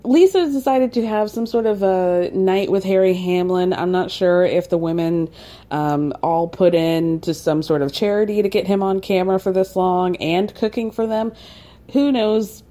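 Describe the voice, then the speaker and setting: Mellow-voiced woman hosting a chatty recap. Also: mid-range voice, moderate pace. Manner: chatty and wry, acts out the cast's lines. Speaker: podcast host recapping reality TV. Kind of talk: casual recap commentary.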